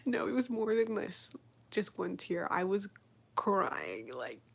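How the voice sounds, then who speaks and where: A woman chatting casually on a live stream, telling a rambling, profane story full of "like" and sometimes dropping to a hushed whisper. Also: medium pitch, big pitch swings, takes it slowly, creaky. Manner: drops into a hushed whisper at times.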